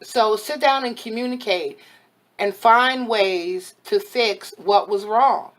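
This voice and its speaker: This woman, a spiritual advisor, takes her time with a casual tarot reading to camera. Her mid-range voice is slightly tired from overuse, and her manner is frank and chatty, with advice both blunt and motherly.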